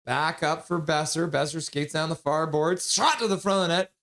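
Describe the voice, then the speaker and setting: A man streaming live play-by-play commentary, joking with viewers between calls and getting loud and excited on big plays. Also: a little high, moderate pace. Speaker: streamer calling the game live.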